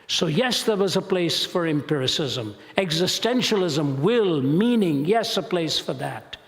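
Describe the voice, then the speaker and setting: A man giving a public lecture, reciting passages with dramatic, building intensity. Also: fairly high pitch. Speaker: Christian apologist speaker. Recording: long reverb of a large hall.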